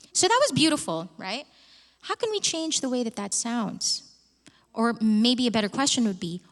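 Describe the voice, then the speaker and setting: High-voiced woman vocal coach, expressive, talking to a live crowd in a reverberant hall. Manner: expressive and chatty, addresses the room. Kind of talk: live workshop teaching. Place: conference hall with live audience.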